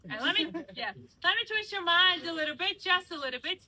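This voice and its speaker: Bright high-voiced female tour guide. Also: animated, a little fast, low-quality recording. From Georgia. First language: Georgian. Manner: playful, teasing, explains with examples. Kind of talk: guided walking tour explanation. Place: outdoors in old city streets.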